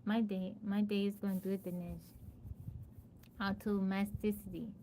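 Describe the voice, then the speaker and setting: A woman with a twang chats on her live stream in a middle-pitched voice, playful and quick to laugh. She keeps sounding out one tricky word, syllable by syllable. A faint hum sits behind her voice. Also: level tone, warm tone. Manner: playful, laughs often, thanks viewers by name; sounds out a hard word again and again. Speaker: livestreamer. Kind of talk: casual live-stream chat.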